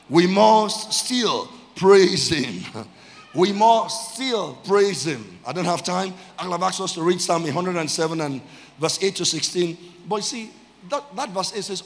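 A man preaching a sermon, calling out to the congregation and stretching key phrases with loud emphasis. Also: high-pitched, long reverb tail. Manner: call-and-response with the congregation. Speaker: pastor. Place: church.

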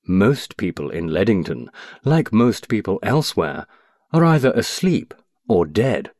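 A man doing a calm, mysterious stranger. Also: on the low side. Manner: mild, calm, measured. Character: calm, mysterious male stranger with a luminous stare.

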